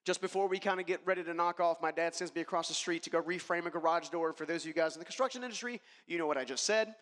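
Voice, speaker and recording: A man with a notably high voice delivers a motivational keynote, telling his own story with emphasis and calling out to the audience. His words ring through a large hall with a long, trailing reverb. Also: rapid-fire, a bit bright. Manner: emphatic, addresses the audience directly. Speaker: keynote speaker.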